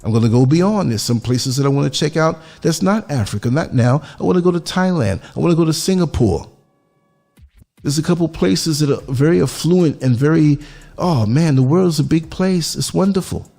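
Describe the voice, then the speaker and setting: A man's voice: on the high side, expressive, moderate pace, creaky, mellow, soft background music. A man from the United States giving a reflective podcast monologue, earnest and musing, putting questions to the listener.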